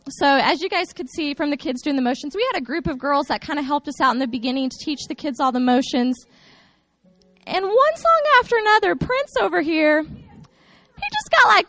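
High, bright-voiced woman telling church stories. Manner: lively joking storyteller, turns earnest. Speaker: church children's ministry speaker. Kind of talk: humorous recap talk to a congregation. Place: church sanctuary with a stage.

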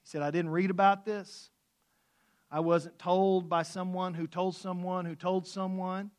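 A man preaching a sermon, swinging between loud outbursts and hushed asides. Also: sits high, flat delivery, unhurried. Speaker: pastor.

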